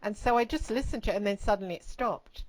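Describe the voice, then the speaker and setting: Woman, podcast host, casual storytelling, blunt and foul-mouthed, rambling asides, hushed intensity at times. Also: mid-range voice, fast, poor audio.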